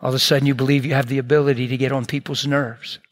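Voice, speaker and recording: An older man preaching a sermon, telling family stories in an animated, playful way and acting out relatives' lines. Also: mid-range voice, rapid-fire. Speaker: pastor. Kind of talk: sermon storytelling.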